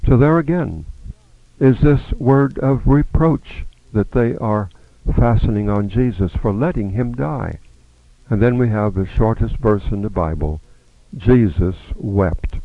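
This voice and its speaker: A man's voice: on the low side, no room sound. A man teaching a Bible study lesson, reading scripture aloud and acting out the speakers' lines. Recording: dry, narrow phone-like sound.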